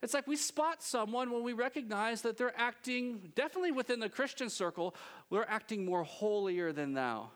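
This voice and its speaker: Lively, high-voiced joking pastor man. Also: normal speed, clean tone. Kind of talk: sermon.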